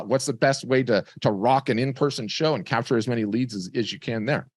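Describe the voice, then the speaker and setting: A middle-aged man hosting a webinar over a video call, giving a lively, conversational sales pitch. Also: dry recording, clean studio sound. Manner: lively, conversational, tells stories with acted voices. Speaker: webinar host.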